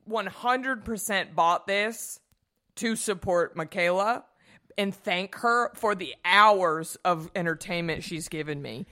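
A woman co-hosting a beauty podcast in casual chat, gushing and enthusiastic, speeding up when excited. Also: lowish voice, slow pace. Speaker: podcast co-host.

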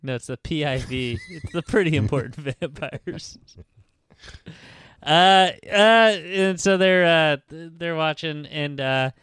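A man's voice: a little high, slow, a bit bright, clean tone, no room sound, clean studio sound. A man hosting a book podcast, retelling the story in a rambling, profane way full of fillers. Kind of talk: casual chat.

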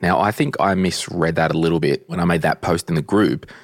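A man's voice: low-pitched, brisk, no echo, clean studio sound. A man hosting a podcast in a casual, chatty way, ranting bluntly at times. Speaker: podcast host.

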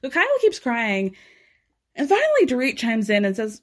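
A woman's voice: fairly high pitch, sing-song, brisk. A woman casually recapping a reality show, sarcastic and chatty, acting out what people said. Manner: chatty, sarcastic, quotes people in her own voice.

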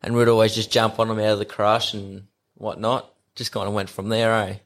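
A young Australian man with a low, gravelly voice. He answers in short, laid-back bits, a bull rider guest in casual talk. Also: level tone, a little fast. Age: young adult. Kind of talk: casual chat.

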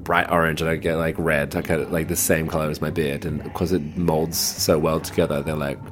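A man's voice: extremely low pitch, level tone, moderate pace. A man who performs in drag, telling personal stories in a casual, chatty way and acting out the voices of people he quotes. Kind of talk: casual storytelling.

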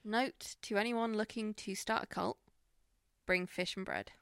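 A woman's voice: mid-range voice, steady tone, creaky, a bit bright, clean tone, dry recording, studio quality. A woman, playful and teasing, chatting casually and joking. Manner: playful, teasing, quick to laugh. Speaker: podcast co-host. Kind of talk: casual comedic chat.

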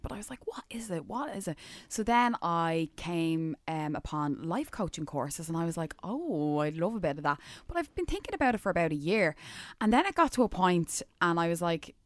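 Low-voiced chatty young woman. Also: no echo, clean studio sound. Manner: chatty, acts out her own inner voice. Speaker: co-host. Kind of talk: casual chat.

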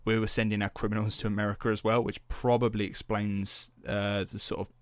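A man's voice: fairly low pitch, little pitch movement, brisk, no echo. A young man hosting a podcast, telling a story in a loose, chatty way, swearing freely and padding with fillers. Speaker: podcast host. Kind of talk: casual storytelling chat.

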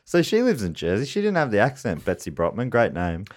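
A man with a fairly low voice hosts a casual podcast. He explains the topic in a relaxed, easygoing way, with plenty of fillers. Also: brisk. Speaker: podcast host. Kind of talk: casual chat.

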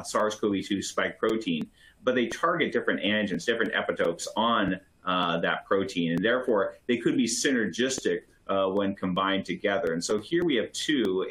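A man, a physician, giving a medical education talk with many pauses and restarts. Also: lowish voice, fairly bright tone, poor audio. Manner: hesitant, many fillers and restarts. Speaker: physician presenter.

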